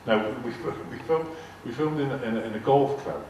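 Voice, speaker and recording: An older guest speaker with a medium-pitched, darkish voice talks fairly quickly, telling rambling stories to a live crowd, often repeating himself and performing quoted lines. The echoey large arts hall, distant mic and faint noise frame the audience's laughter.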